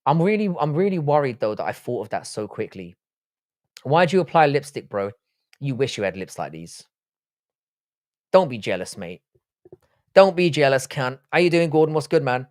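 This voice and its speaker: A man's voice: mid-range voice, sing-song, moderate pace, long pauses, a little mellow, no room sound. Profane, joking man on a dry mic. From England. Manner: crude, profane banter with chat. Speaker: live stream host. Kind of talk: casual live chat, reading viewer comments.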